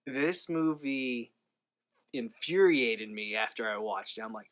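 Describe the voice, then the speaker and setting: A man's voice: mid-range voice, animated, slow, a bit bright. A man talking casually to camera in a movie review vlog, rambling with lots of fillers and restarts.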